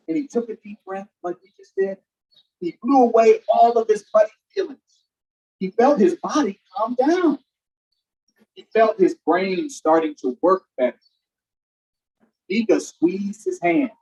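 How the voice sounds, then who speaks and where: A woman reading a picture book aloud for a virtual storytime, animated and inviting listeners to join in. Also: medium pitch, unhurried, long pauses, distant mic, dull audio, slight background noise. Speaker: storytime reader. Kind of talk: children's story read-aloud.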